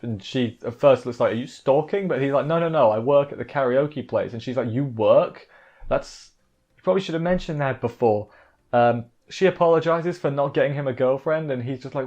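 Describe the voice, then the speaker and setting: Excitable man reviewing anime. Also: mid-range voice, moderate pace, muffled recording. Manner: excitable, exasperated, self-interrupting. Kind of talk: casual episode recap review.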